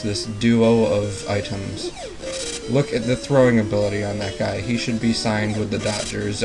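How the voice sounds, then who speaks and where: Low-voiced man riffing over game music. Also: poor audio. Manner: playful, punning and rambling. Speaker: let's play host. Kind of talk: casual gameplay commentary.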